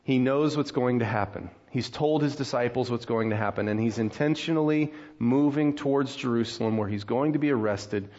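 A man preaching a sermon in a conversational way, walking through scripture and getting animated when he acts out frustration. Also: medium pitch, fairly quick, hardly any pauses, highs cut off. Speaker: pastor.

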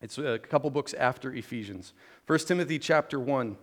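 A man's voice: mid-range voice, normal speed. A man preaching a conversational sermon to a congregation, informal and joking, often restarting and repeating words.

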